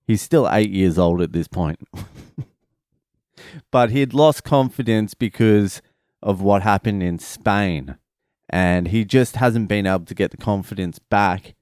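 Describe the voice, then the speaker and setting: A man's voice: on the low side, a little slow, clear, resonant tone, no echo, clean studio sound. A man, a father, telling a family story in a casual, profane, rambling vlog. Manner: profane, rambling, animated retelling.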